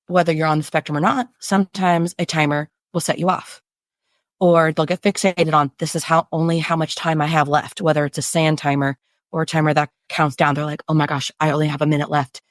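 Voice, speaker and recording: A woman's voice: low-pitched, dry recording. A woman who teaches special education, talking earnestly and chattily as a podcast guest and acting out what parents and students say. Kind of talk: casual conversational interview.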